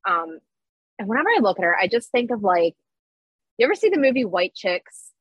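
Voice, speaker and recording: A woman's voice: medium pitch, very animated, brisk, slightly rough, no room sound, muffled recording. A woman co-hosting a casual podcast chat, blunt and ranting, laughing often. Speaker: podcast co-host.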